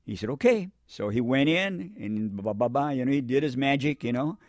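In an oral history interview, an older man who served in the Marines tells war stories, wandering off track, repeating things, and voicing what others said. He speaks at medium pitch and a normal pace, recorded in studio quality without echo.

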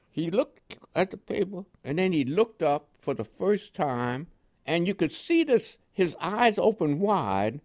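An older man from Panama with a New York accent touched with West Indian tones, telling his memories as a veteran in an oral history interview, laughing often and acting out dialogue. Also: high voice. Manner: lively storyteller who laughs often and acts out dialogue.

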